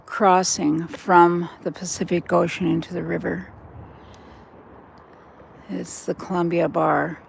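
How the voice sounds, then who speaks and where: Older woman, low gravelly voice, chatty walk-and-talk vlogger filming on a phone by a cold river. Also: a little hiss or hum. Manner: chatty, meandering, talks straight to viewers. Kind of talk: rambling walk-and-talk vlog. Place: outdoors by a river in cold weather.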